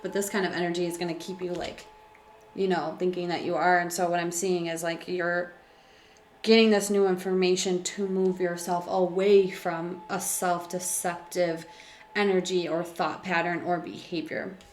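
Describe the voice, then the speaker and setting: Female tarot reader, casual and emotive, lower pitch, roomy home recording. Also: little pitch movement, moderate pace, slight background noise. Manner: chatty, filler-heavy, emotional and laughing. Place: room at home by a window.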